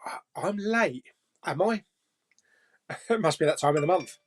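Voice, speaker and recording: A man's voice: on the high side, expressive, measured pace. Chatty man hosting a live stream. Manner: chatty and jokey, laughs often, swears casually. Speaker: live-stream host reading viewer comments. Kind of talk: casual live chat.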